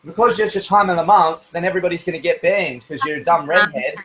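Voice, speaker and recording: Sarcastic high-voiced Australian man. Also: quick pace, sharp tone, husky, low-quality recording. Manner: sarcastic, condescending, interrupts. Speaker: chat panelist. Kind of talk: heated argument in an online group chat.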